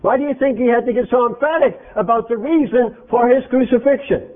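High-voiced preacher man, tinny sound. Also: a little fast. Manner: emphatic, quizzes the congregation. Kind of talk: interactive sermon. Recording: tinny phone-like lo-fi recording.

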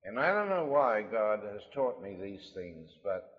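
A man preaching a sermon, emphatic, repeating his key lines and swinging between loud and soft delivery. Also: lowish voice, big pitch swings, unhurried. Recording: lo-fi recording in a reverberant hall.

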